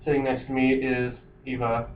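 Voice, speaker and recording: A man's voice: mid-range voice, completely flat delivery, normal speed, distant mic. A young man hosting a casual group podcast, joking and laughing often. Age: young adult. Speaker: podcast host. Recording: dull, noisy, roomy, off-mic.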